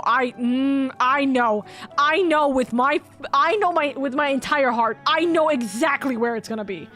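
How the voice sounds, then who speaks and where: High-voiced dramatic woman streamer. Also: fairly bright tone. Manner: dramatic, rambling, repeats herself. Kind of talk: casual game streaming.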